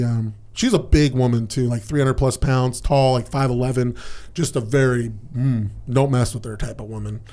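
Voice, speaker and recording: A man's voice: medium pitch, a little mellow. A man in a mid-range voice tells personal stories on a podcast, speaking frankly and casually. He swears freely and peppers his talk with "man" and "dude". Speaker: podcast guest.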